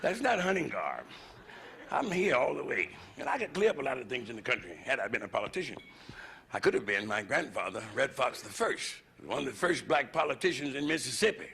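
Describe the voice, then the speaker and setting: A man's voice: medium pitch, sing-song, brisk, vocal fry, bright, forceful tone. An American man doing a live stand-up routine in a comedy club, brash, profane and swaggering in his delivery. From United States. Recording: noisy 1970s live concert recording.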